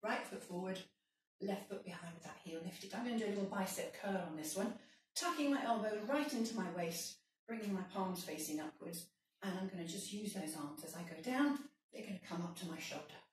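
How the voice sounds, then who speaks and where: A woman's voice: medium pitch, animated, brisk, very echoey, distant mic, slight background noise, rough recording. A woman leading a workout, giving encouraging step-by-step instructions and counting reps, a little out of breath. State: slightly out of breath. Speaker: fitness instructor.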